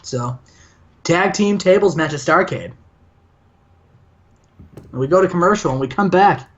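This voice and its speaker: A man's voice: high voice, expressive, a little slow, husky, dull audio. A young man hosting a gaming channel, narrating a game in casual, rambling commentary with many fillers. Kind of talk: casual let's-play commentary.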